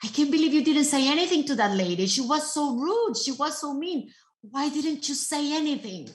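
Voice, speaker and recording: A woman's voice: medium pitch, moderate pace, lightly acted. A woman voicing an indignant young male disciple who complains in outrage. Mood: exasperated.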